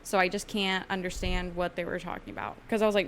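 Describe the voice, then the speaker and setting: A woman's voice: mid-range voice, moderate pace, hardly any pauses, fairly bright tone. A young adult woman co-hosting a podcast, chatting casually and laughing often. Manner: chatty, laughs often, slips into mock voices. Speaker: podcast co-host. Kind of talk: casual chat.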